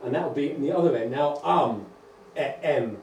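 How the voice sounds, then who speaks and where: A man, a rabbi, giving a lively conference lecture to teachers and often checking in with "right?" and "okay?". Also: medium pitch, brisk. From England. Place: large lecture hall. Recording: echoey hall, distant mic, faint hum.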